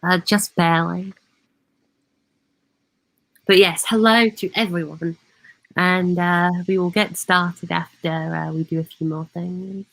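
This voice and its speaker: Low-voiced woman hosting a stream. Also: fairly even intonation, takes it slowly, creaky, long pauses, a bit bright, dry recording, rough recording. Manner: greets viewers, chatty. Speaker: livestream host. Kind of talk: casual stream chat.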